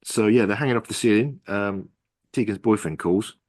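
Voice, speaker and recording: A man's voice: lowish voice, normal speed, a little mellow, no echo, studio quality. A man co-hosting a podcast, casually recapping a plot with lots of ums and restarts. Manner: rambling, recapping with many fillers. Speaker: podcast co-host. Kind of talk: casual chat.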